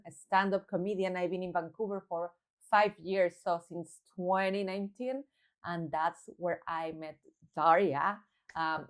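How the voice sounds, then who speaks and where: A woman with a Mexican accent, a stand-up comedian co-hosting a podcast, telling stories in a playful, animated way. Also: mid-range voice. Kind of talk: casual chat.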